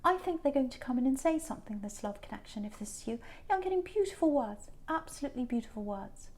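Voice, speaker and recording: A woman's voice: high-pitched, expressive, fast, a little mellow. A woman giving a tarot reading to camera, earnest and repeating herself for emphasis. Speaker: tarot reader.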